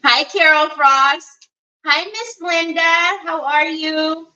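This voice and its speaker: Slow, bright-voiced woman crafting live. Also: high voice, steady tone, lo-fi sound. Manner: chatty, greets viewers by name, many fillers. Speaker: crafting livestream host. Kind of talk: casual live crafting stream.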